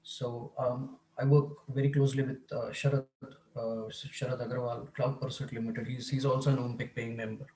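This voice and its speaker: A man's voice: mid-range voice, level tone, moderate pace, a little mellow, reverberant, slight background noise, poor audio. A man on an online business panel, talking candidly with hesitant fillers. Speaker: panelist, theatre and event producer. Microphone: video call.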